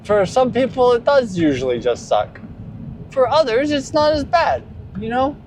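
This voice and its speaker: With big pitch swings and a slightly mellow tone, this man in his thirties talks at normal speed during a driving vlog. His casual monologue is candid and meandering, punctuated by high, over-the-top quotes, with faint road noise from the car.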